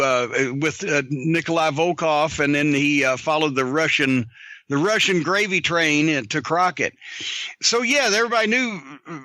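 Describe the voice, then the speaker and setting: Man in his fifties, podcast host, bright forceful voice, dry close sound, rambling profane storytelling. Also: on the high side, no room sound. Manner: profane storytelling with many filler words. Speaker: podcast host answering listener questions. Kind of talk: casual podcast chat.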